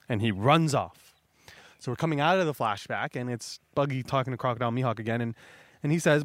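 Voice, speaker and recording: A man casually recapping and commenting on a manga chapter, excitable and correcting himself as he goes, on a close mic. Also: medium pitch, fairly quick, dry recording.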